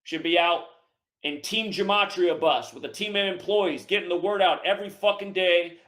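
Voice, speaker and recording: A man's voice: sits high, moderate pace, fairly bright tone. A man hosting a call-in show, ranting angrily and cursing at his listeners. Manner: furious, cursing, insulting listeners. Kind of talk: angry profane rant.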